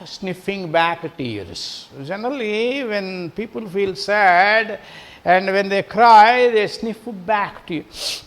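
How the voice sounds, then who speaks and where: A man teaching an English lesson, explaining a play line by line. He repeats phrases and fills his pauses with "uh". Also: high-pitched, a bit bright.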